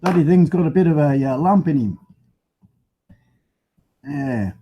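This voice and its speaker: A man's voice: a little high, lively intonation, a little slow, highs cut off, a little hiss or hum. Field: rambling Australian man streaming live. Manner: rambling, chatty, mildly swearing, laughs often. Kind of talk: casual live-stream chat. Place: home garage with motorbikes. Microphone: phone used as webcam.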